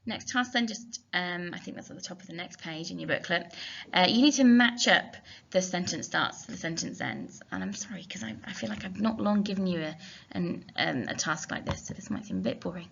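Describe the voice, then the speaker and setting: A woman's voice: lowish voice, lively intonation, creaky, fairly bright tone. A woman teacher, talking students through a recorded language lesson in a chatty, self-deprecating way. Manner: chatty, self-deprecating, slow over the foreign words. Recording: dull lo-fi with faint hiss.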